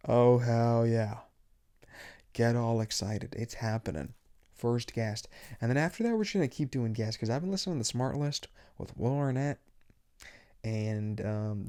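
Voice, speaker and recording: A man's voice: medium pitch, gravelly, a little mellow. A young man hosting his own podcast, rambling casually with lots of cursing and slang. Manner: rambling, profane, lots of "like" and "dude". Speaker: podcast host. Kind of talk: casual solo podcast rant.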